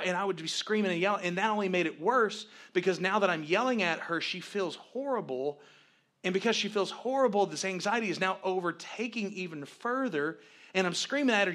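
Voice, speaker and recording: A man co-hosting, candidly telling a story about his marriage in an animated way. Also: high-pitched, moderate pace. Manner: animated, grows loud acting out past arguments. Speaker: co-host, husband telling the story.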